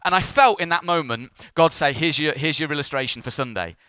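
A man's voice: on the high side, brisk, pushed and bright, clear, resonant tone, no room sound. A man, a pastor preaching a sermon in church and telling a story with self-mocking humour.

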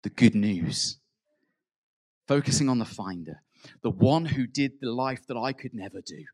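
A man preaching a sermon in an earnest way. He rises to emphatic peaks, then drops soft, and acts out quoted prayers. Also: medium pitch, lively intonation, unhurried.

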